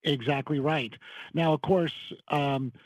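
A man speaking slightly high and a little husky, calling in as a political commentator. He sounds measured and agreeable, and the dry phone line keeps him close and thin. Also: steady tone, no room sound. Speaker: radio show guest, political commentator. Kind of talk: call-in conversation.

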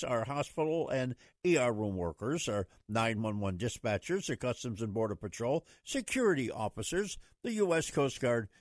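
Folksy talk radio host, dry sound. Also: male voice, medium pitch, dry recording. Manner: folksy, emphatic, rambling.

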